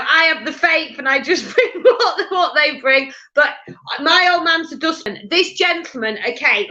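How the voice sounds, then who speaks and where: A woman medium giving a live reading in a halting, chatty way, with many fillers and restarts. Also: high-pitched, bright, forceful tone, muffled recording.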